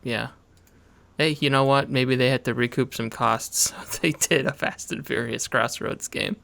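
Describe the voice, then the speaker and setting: A man's voice: mid-range voice, steady tone, a little slow, gravelly, pushed and bright. A man co-hosting a casual video game podcast, talking in a laid-back, wry way with hesitant fillers. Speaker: co-host.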